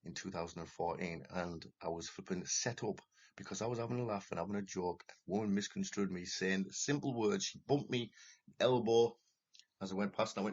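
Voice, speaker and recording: A man's voice: low-pitched, fairly quick, a little mellow, husky. A man telling his own story in an unscripted monologue, rambling and agitated, with heavy swearing and many restarts. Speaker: former talent show contestant telling his story. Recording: lo-fi, dull recording.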